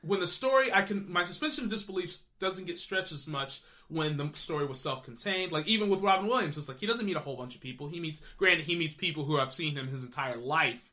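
Bright-voiced man rambling about films. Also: on the high side, fast, few pauses. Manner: animated, rambling, many fillers and restarts. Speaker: podcast co-host. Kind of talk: casual film chat.

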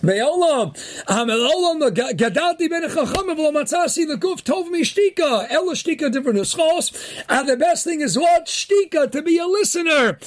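Hosting a daily inspirational talk at a moderate pace, a man with a strikingly high voice blends jokes with Torah teaching. He is animated, nearly shouting his main points, and scatters Yeshivish Hebrew terms through his English.

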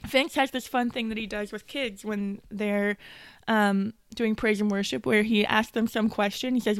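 A woman's voice: mid-range voice, fairly even intonation, a little fast, few pauses, clean tone, no room sound, clean studio sound. A young woman co-hosting a podcast, telling a story in casual chat, acting out quotes and laughing often. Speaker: podcast co-host.

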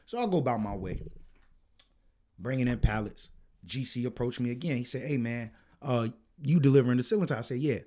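A man co-hosting a podcast, telling a work story in casual, profane chat that turns loud and heated. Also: medium pitch, a little fast. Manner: animated, profane, gets loud and heated retelling arguments. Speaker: podcast co-host.

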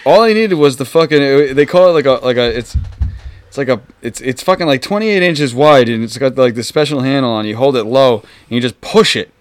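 A man's voice: mid-range voice, animated, a little fast, no room sound. A laid-back man with a mid-range voice chats casually and swears freely. His voice sounds dry and close, with no room sound. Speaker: podcast co-host. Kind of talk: casual chat.

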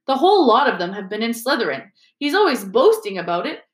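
A woman's voice: fairly high pitch, very animated, quick pace. A woman voicing a serious, brooding teenage schoolboy, in an echoey room. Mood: grim. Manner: grim, serious.

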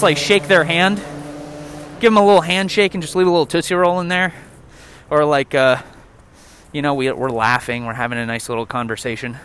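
A man's voice: fairly high pitch, fairly bright tone, a little hiss or hum. A young man rambling and joking with lots of swearing while walking a trail outdoors. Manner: profane, rambling, jokey. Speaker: vlogger. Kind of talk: casual rant while walking.

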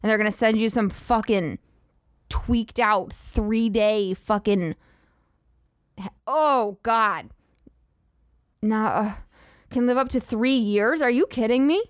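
A woman podcast host rants in a profane, sarcastic and incredulous tone, swearing freely. Her voice sits fairly high, and the recording is dry and close, with little room sound. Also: takes it slowly, long pauses, no echo. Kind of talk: comedic rant.

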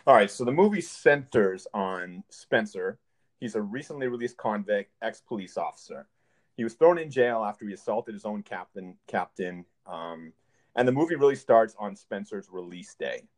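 A man co-hosting a casual movie review podcast, summarizing plots in a measured, plainly critical way. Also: lowish voice, lively intonation. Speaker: podcast co-host.

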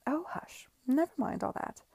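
A woman's voice: sits high, animated, moderate pace, gravelly, a little mellow, breathy edge, no echo, voice pushed up, full character voice. A woman reading aloud, voicing a flamboyant aristocratic lady who is gossipy and imperious. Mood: dismissive. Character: flamboyant aristocratic society lady, worldly and teasing.

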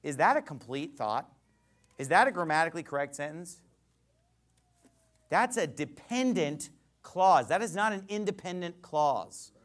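A man preaching a sermon in an animated, mocking, emphatic way. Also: a little high, a little slow, long pauses.

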